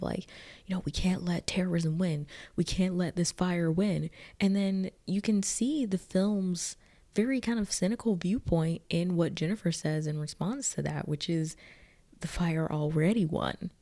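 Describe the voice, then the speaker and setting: A woman with a very low, gravelly voice chats through a film recap in a loose, joking way. Her tone is dark and mellow, and "like" fills her sentences. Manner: chatty and jokey, lots of "like". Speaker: video essay host.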